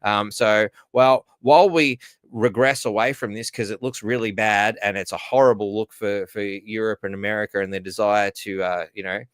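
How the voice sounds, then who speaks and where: An Australian man hosts a solo news commentary, ranting sarcastically and trailing off into asides. His lowish voice is smooth and sounds close and dry. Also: steady tone, normal speed, hardly any pauses, dry recording. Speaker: host.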